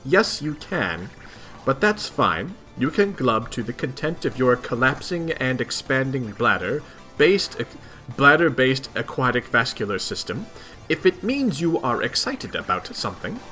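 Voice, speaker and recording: A man voicing a poised, stylish young female alien who speaks in a measured, formal way while reading a webcomic aloud. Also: medium pitch, very animated, pushed and bright, faint music behind. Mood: composed.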